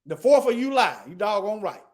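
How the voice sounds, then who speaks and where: Preaching online, this man has a high-pitched voice with big pitch swings and a fairly quick pace. He teaches the Bible emphatically, reading scripture aloud and speaking straight to his listeners.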